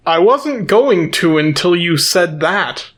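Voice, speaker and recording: A man's voice: high voice, animated, slow, a bit bright. A man playing in a tabletop game, making dry, wry remarks. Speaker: player. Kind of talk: tabletop role-play.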